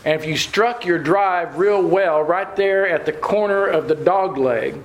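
A man's voice: high-pitched, a little slow. A man preaching a sermon, telling homespun stories and chuckling as he goes. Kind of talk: sermon with folksy storytelling. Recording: roomy hall with faint ambience.

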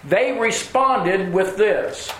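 A man's voice: sits high, drawn-out words, a bit bright, a little hiss or hum. Man, preaching, folksy and chuckling, reverberant hall. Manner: homespun, chuckling storyteller. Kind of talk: sermon with folksy storytelling. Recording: roomy hall with faint ambience.

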